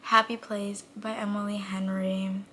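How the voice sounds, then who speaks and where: A young woman from New York State chatting casually as a book vlogger, gushing and often dropping into a soft whisper. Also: medium pitch, flat delivery, unhurried, slight background noise. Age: young adult. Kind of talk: casual chat.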